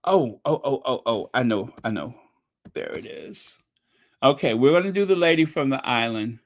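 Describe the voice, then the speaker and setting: A woman from a Caribbean island hosting a casual livestream, chatty and excitable as she thanks her viewers. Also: a bass voice, moderate pace. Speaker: livestream host.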